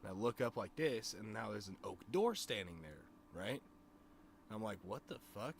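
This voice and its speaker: A man with a lowish voice, streaming and spinning a long dream story for his chat. He rambles, restarts, swears freely and keeps asking if you follow him. A faint hiss of noise sits under his voice. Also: very animated, normal speed, gravelly. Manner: rambling, profane, filled with "you know what I mean". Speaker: streamer and musician.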